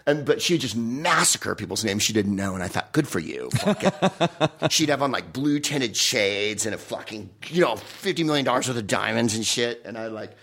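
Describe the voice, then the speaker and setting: A man comedian in casual conversation, telling profane, animated stories. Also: medium pitch, normal speed. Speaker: comedian guest. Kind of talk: casual chat.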